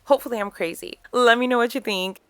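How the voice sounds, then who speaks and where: A woman's voice: a little high, quick pace, clean tone, no room sound. A woman in her thirties hosting a casual podcast, telling stories animatedly with lots of fillers and a few phrases. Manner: animated storytelling, many fillers, Spanish phrases mixed in. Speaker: podcast host.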